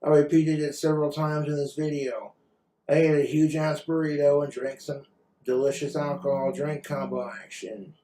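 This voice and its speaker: A man's voice: on the high side, fairly even intonation, normal speed, dark tone, slight background noise. A man vlogging in a rambling, profane rant while he has been drinking. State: drinking, tipsy.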